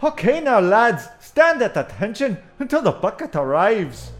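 A man's voice: sits high, sing-song, unhurried. A man playing a bossy mine foreman, barking orders at his workers. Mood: gruff. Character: gruff male mine foreman.

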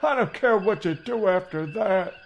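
A man voicing an exasperated, grumpy male first officer who grumbles slowly and irritably in a comedy audio parody. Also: high-pitched, lively intonation, dull audio, a little hiss or hum. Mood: irritable.

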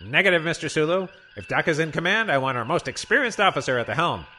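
A man playing a glib, cocky male starship captain who gives brisk, jaunty commands in a comedy audio parody. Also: fairly high pitch, animated, bright, forceful tone, a little hiss or hum.

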